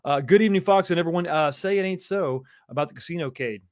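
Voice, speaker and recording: A man's voice: on the high side, fast talker. Chatty man in his forties. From Texas, USA. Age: 40s. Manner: chatty and easygoing, with frequent chuckles and repeated phrases. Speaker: livestream host. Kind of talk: casual livestream chat, reading viewer comments.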